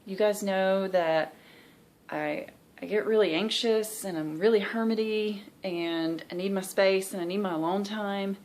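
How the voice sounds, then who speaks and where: A cross-stitch vlogger in her thirties, a woman with a Southern US accent, speaks at a medium pitch, a bit slowly, in a darkish tone. She chats candidly and rambles in her stitching vlog, sounding tired.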